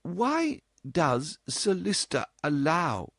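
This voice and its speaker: A man doing a gentle, proper older mother. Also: fairly high pitch, huge pitch swings, gravelly, no room sound, studio quality, pitched above the performer's own voice, heavily acted. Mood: gently reproving. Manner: slow, earnest, mildly reproving.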